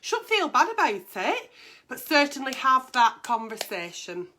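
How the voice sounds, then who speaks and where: A woman's voice: sits high, very animated, a little slow, sharp tone. A woman, hosting a casual advice chat in a blunt, brash and sweary way. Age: 40s. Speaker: agony aunt host.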